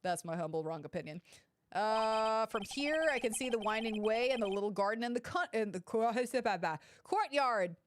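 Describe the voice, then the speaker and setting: A woman's voice: fairly high pitch, animated, normal speed, slight background noise. A woman casually commenting through a game playthrough, chatty, giggly and self-deprecating. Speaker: gaming streamer.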